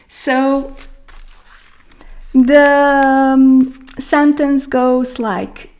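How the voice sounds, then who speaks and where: Croatian woman teaching pronunciation, high voice, super slow with lots of uhs. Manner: slow, hesitant, many fillers, careful demonstrations. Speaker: language teacher. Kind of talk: pronunciation lesson.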